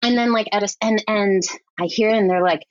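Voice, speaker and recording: A woman editor telling a lively, chatty story as a podcast guest, peppering her talk with "like". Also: mid-range voice, a little fast, a little hiss or hum. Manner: animated, chatty, heavy use of "like". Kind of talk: casual storytelling interview. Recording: dry, slightly dull podcast audio.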